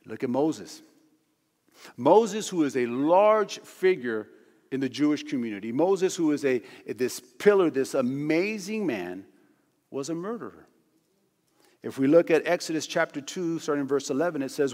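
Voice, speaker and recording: Male pastor preaching, emphatic, says things over and over, slightly high voice, big church echo. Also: animated, normal speed, a little mellow. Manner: emphatic, repetitive phrasing. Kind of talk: sermon. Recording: long church hall reverb.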